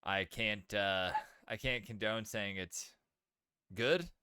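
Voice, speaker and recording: A man's voice: lowish voice, slow pace, sharp tone, clean tone, dry recording, clean studio sound. A man co-hosting a casual podcast, laid-back and slangy, often calling his friend bro and man. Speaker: podcast co-host. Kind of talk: casual chat.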